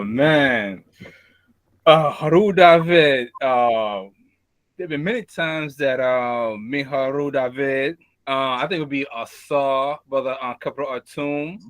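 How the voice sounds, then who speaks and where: A man giving an emotional spoken tribute, halting and restarting often while holding back tears. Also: mid-range voice, a bit bright, dry recording. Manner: halting, many fillers and restarts. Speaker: mourner sharing a tribute.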